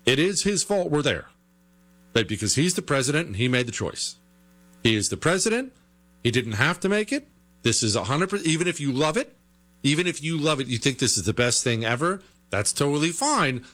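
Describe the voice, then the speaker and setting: An American man hosting an opinionated political talk show, animated and rhetorical, with mocking asides. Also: on the high side, a little fast.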